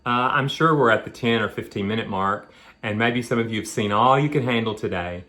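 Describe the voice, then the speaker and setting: A man's voice: fairly low pitch, brisk, pushed and bright. A man hosting a home video, chatting casually and rambling between bites of food. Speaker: vlog host. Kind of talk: casual chat while eating.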